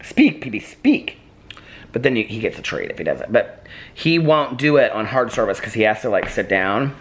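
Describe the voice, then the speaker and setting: A man's voice: lowish voice, lively intonation, a little fast. A man chatting casually in a daily vlog at home, giggling often and cooing at his dogs. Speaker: vlogger.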